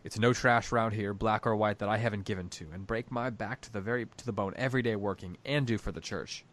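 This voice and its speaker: A man's voice: fairly low pitch, steady tone, fast, fairly bright tone, natural voice. A man reading as a proud, bitter older farm woman railing. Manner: demanding, railing. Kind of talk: reading a story aloud.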